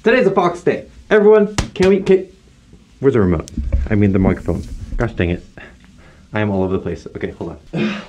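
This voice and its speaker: A man's voice: on the low side, big pitch swings, moderate pace, long pauses, recorded from a distance, background noise. A young man giving a casual, joking tier-list commentary as a YouTuber, playful and self-mocking.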